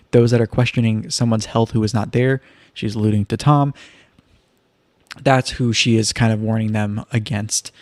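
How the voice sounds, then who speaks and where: A man's voice: mid-range voice, no echo. A man hosting a casual live-streamed recap of a reality show, chatty and loose with wry asides. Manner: chatty, loose, leans on "kind of" and "like"; relaxed storytelling with wry asides.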